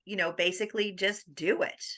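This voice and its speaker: A woman guest on an interview podcast, telling her story in a lively, animated way. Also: medium pitch, normal speed. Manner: animated, acts out quoted dialogue with laughs.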